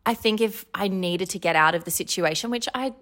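A woman co-hosting a podcast, telling stories excitably and acting out quotes. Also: lowish voice, fairly quick. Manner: excitable storytelling, acts out quotes. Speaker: podcast co-host. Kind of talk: casual chat.

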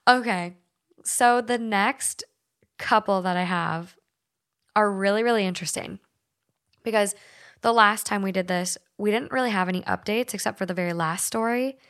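Casual woman host from minnesota, says like a lot, swears constantly, mid pitch voice. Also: normal speed, pauses often, fairly bright tone. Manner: loose and chatty, swears freely, lots of "like". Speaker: podcast host. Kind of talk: casual chat and reading stories aloud.

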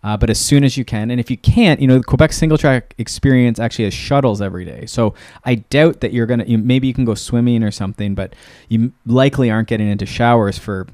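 A man's voice: mid-range voice, fast talker, a little mellow, no echo, clean studio sound. A man co-hosting a podcast, giving practical coaching advice in a casual way with many "you know" fillers.

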